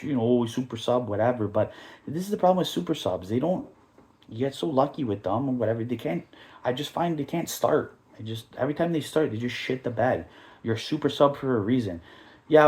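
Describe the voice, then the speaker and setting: Canadian man, podcast host, fast rambling football rants, profane and jokey. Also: medium pitch. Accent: Canadian English. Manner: animated, joking, profane, rambling ranting. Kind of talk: casual football podcast rant.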